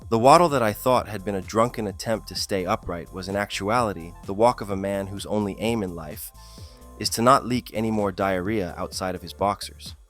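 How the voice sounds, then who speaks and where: A storyteller tells funny stories in a scripted style, his dry comic delivery lifting on the punchlines. He has a lowish, fairly bright voice and speaks fairly quickly, with faint music in the background.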